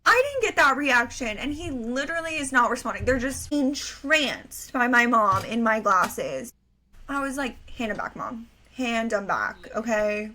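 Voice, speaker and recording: Bright, animated young woman telling stories. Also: on the high side, a little slow. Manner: animated storyteller, acts out quoted family voices. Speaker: podcast co-host. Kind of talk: casual chat.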